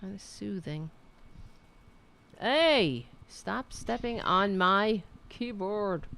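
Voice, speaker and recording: A woman's voice: mid-range voice, animated, extremely slow, gravelly, fairly bright tone. A woman hosting a casual livestream show at home, sardonic, profane and rambling. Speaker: show host.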